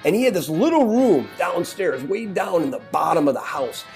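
A man with a gravelly, fairly high voice tells a story in a loose, rambling way, backing up and restarting his sentences. Faint music plays behind him. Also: big pitch swings, normal speed, darkish tone. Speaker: podcast co-host. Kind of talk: casual storytelling chat.

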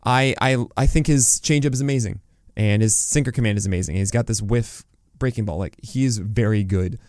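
A man hosting a casual podcast, chatty and animated, rattling off stat lines with self-mocking asides. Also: lowish voice, a little fast, no echo, clean studio sound. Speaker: podcast host. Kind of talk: casual podcast talk on fantasy baseball.

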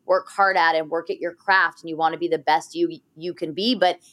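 A woman hosts the interview, asking her questions calmly and affirming her guest's answers. Her voice sits slightly low and tends to drop softer at the ends of her lines. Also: brisk. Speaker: podcast host.

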